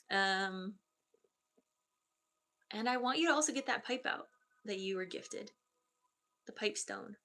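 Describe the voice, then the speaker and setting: A woman energy healer talks in a soft, flowing way as she passes on messages from spirits and leads a grounding meditation. Her voice has a gravelly fry, with a bright edge on top. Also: mid-range voice, normal speed, long pauses. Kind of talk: channeled healing session with guided grounding.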